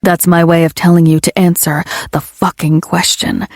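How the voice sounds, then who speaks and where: A woman reading as a stern young man from a romance audiobook, hoarse and growly with a gravelly edge to the low voice, blunt and commanding as he speaks. the reading is close and dry, with no room around it. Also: little pitch movement, moderate pace, darkish tone, no echo, natural voice.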